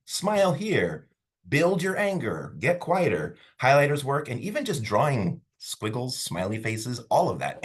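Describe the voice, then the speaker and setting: A male college instructor lectures a public speaking class over a video call, talking casually and rambling with fillers. His voice sits low with a slightly husky grain, and his pitch leaps around animatedly. It comes through a simple computer microphone.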